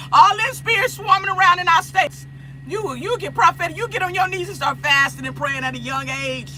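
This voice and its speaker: A woman from Los Angeles hosts a casual phone livestream and talks straight to her viewers. Her voice sits high and bright. She repeats herself, laughs a lot, and a faint noise runs underneath. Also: moderate pace, low-quality recording. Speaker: livestream host.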